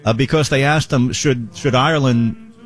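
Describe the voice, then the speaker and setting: A man's voice: medium pitch, moderate pace. A man hosting a show, giving joking political commentary and mocking impressions. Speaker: radio show host.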